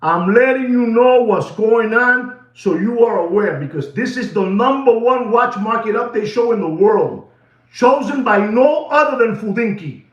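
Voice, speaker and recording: High-voiced man ranting from far off. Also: moderate pace. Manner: rambling, excitable ranting. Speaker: watch market show host. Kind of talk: comic rant. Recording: echoey, distant, dull sound.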